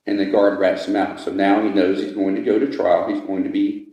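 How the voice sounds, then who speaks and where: A man with a low, mellow voice tells a ghost story to visitors, dramatically pacing and lingering on the grisly parts. He is inside an old jail, and the hard rooms give his voice a strong, booming echo. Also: little pitch movement, fairly quick. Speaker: ghost story teller and guide. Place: old jail building, indoors. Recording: echoey room.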